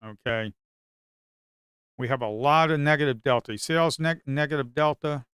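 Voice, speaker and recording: A man's voice: a little high, moderate pace, a bit bright, clean tone, no room sound, studio quality. A man giving live trading commentary to viewers, muttering and repeating phrases to himself, now and then swearing at the market. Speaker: live-streaming futures trader.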